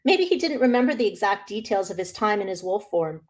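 Woman author reading her novel aloud; expressive first-person delivery. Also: medium pitch, a little fast.

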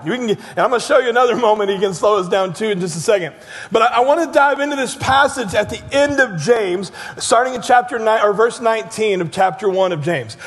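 High-voiced pastor preaching in a reverberant hall. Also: male voice. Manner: animated storytelling, drops to soft low tones for emphasis. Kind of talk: sermon. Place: church sanctuary.

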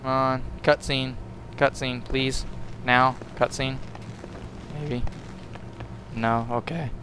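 This young man speaks slowly in a steady, mid-range voice, hosting a gaming video with casual, profane, jokey commentary for viewers as he plays. The background is noisy, with game music playing loud behind him.

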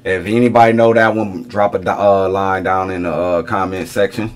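Low-voiced middle-aged man reacting casually. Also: steady tone, normal speed. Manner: repeats lyrics back, muses and chuckles. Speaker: reaction video host.

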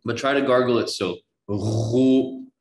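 A man teaching Quran reading one-on-one, patiently correcting pronunciation and slowly modeling each sound. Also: medium pitch, reverberant, slight background noise.

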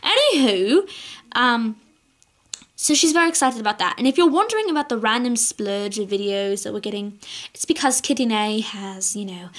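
A young woman chatting casually in a bubbly, rambling vlog with many fillers. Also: mid-range voice. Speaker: vlogger.

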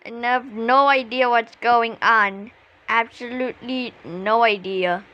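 A woman giving casual commentary on her own gameplay, exclaiming excitedly at whatever happens on screen. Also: a little high, a little slow, dull audio. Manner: excitable, exclaiming at the game as she plays. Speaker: gamer streaming her own play.

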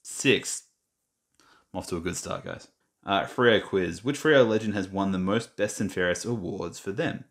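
A man's voice: sits low, moderate pace. A young Australian man chatting casually while reading quiz questions aloud, muttering and mocking himself. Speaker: gaming vlogger. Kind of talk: casual screen-recorded commentary.

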